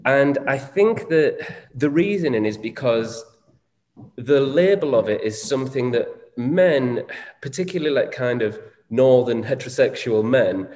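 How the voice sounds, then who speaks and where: Man, 40s, frank co-host, mid-pitched voice, echoey room. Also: expressive, a little slow, a little mellow. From Northern England. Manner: frank, reflective, swears casually. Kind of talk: candid conversational chat. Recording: echoey room with long reverb.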